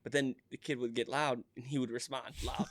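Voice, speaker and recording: A man in his thirties co-hosting a casual podcast, telling animated stories, often laughing and acting out voices. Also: medium pitch, brisk, no room sound. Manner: animated storyteller, laughs a lot, acts out voices. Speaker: podcast co-host. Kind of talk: casual chat.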